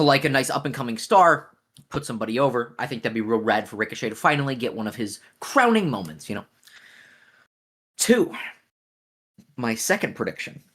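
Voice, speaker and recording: A man gives his views bluntly in a casual podcast chat, swearing freely as he goes. His voice is bright and forceful, and he keeps it animated. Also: mid-range voice. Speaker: podcast co-host.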